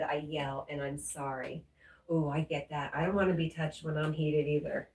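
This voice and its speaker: A woman hosting a livestream, reading viewers' messages aloud and answering them in a gentle, comforting way. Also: sits low. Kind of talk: casual livestream chat. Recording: roomy echo, mic at a distance.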